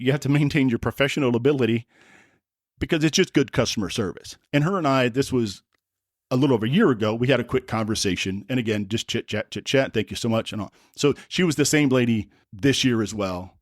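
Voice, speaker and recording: A man's voice: medium pitch, no echo, studio quality. A man from the United States hosting a podcast, telling a travel story in a casual, rambling way with wry asides and self-corrections. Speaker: podcast host.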